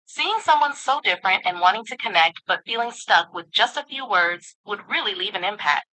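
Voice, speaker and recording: A woman's voice: mid-range voice, lively intonation, a little fast, pushed and bright, poor audio. A synthetic woman's voice of an AI assistant, speaking in a polished, upbeat and affirming way. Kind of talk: synthetic conversational assistant speech.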